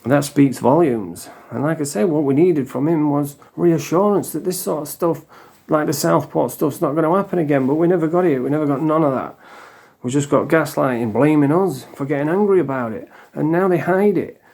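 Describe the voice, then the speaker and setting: A man's voice: a little high, a little fast, gravelly, darkish tone. A man, ranting bluntly in a casual monologue and swearing freely. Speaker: vlogger.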